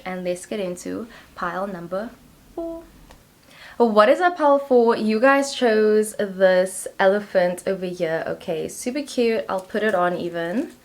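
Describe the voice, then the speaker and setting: A woman reading tarot cards for her viewers in a chatty, giggly way, peppering her talk with 'like'. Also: medium pitch. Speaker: tarot reader. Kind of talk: casual pick-a-card tarot reading.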